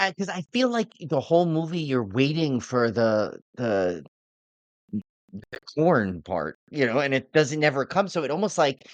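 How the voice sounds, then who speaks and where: A man co-hosting a podcast in casual chat, animated and acting out quotes in sudden high voices. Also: dry recording. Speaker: podcast co-host.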